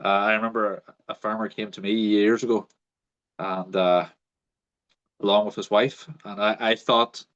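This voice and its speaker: Low-voiced man telling a story. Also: measured pace. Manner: animated storyteller, acts out quoted voices. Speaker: podcast host. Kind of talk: casual storytelling chat. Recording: dull lo-fi audio.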